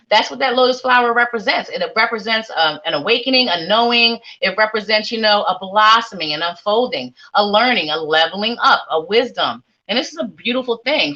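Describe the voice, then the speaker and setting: A woman giving a live psychic tarot reading, talking straight to her viewers in a warm, rambling way and repeating her phrases. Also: medium pitch, dull audio. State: sleepy.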